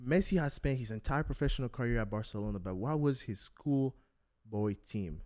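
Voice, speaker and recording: A man's voice: mid-range voice, fairly quick. Young male podcast host. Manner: animated, laughs often, quizzes the others. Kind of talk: casual podcast chat.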